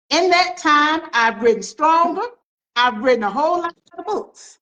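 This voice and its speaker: A woman's voice: sits high, sing-song, unhurried, a bit bright, poor audio. Emphatic middle-aged woman telling family stories. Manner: emphatic storyteller, repeats phrases for effect. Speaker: author. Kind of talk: storytelling in an interview.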